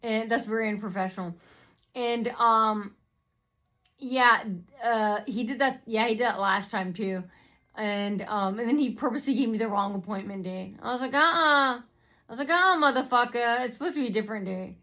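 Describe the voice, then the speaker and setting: Bright-voiced woman on a rambling rant. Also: mid-range voice, normal speed. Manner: rambling, repetitive, profane, many fillers. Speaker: vlogger. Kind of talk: rambling personal rant to camera.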